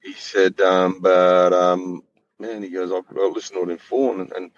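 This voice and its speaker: A man's voice: low-pitched, little pitch movement, normal speed, dry recording. A middle-aged Australian man talking as a podcast guest in casual chat, rambling, swearing freely and restarting his sentences. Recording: slightly dull lo-fi audio with faint noise.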